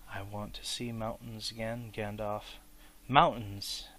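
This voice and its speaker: A man reading an audiobook aloud, voicing a fussy, possessive elderly male hobbit in a higher, excitable voice that turns sharp and whispery. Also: takes it slowly. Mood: wistful.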